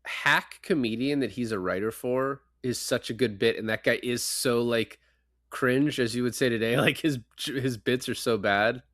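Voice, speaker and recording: A man's voice: mid-range voice, no room sound. A man with a mid-range voice co-hosts a film podcast, walking through scenes casually and acting out bits of dialogue. The recording is dry and close-miked. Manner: relaxed, retells scenes with quick laughs. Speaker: podcast co-host.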